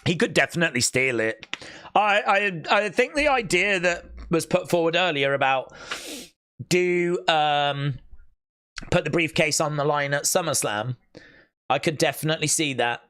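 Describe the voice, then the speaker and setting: A host giving live reaction commentary on a wrestling event, chatty with asides to viewers and bursting into shouts at big moments. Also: medium pitch, expressive, normal speed, clear, resonant tone. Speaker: watch-along stream host.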